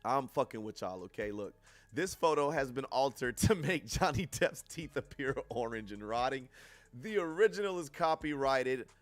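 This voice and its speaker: A young man hosting a livestream, reacting to news with profane, animated commentary and frequent laughs. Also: mid-range voice, moderate pace, dry recording, soft background music. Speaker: livestream host. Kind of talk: casual commentary on news clips.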